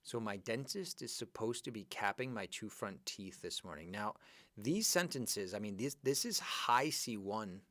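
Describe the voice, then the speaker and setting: A man teaching an English grammar class live, going over exercises and praising his students by name in a lively, chatty way. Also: lowish voice, unhurried, no echo, studio quality.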